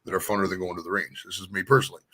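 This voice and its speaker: Rapid-fire and low-pitched, this American painting-stream host talks in a bright, forceful voice with fairly even intonation. He rambles through stories in casual chat, cursing freely and speaking emphatically.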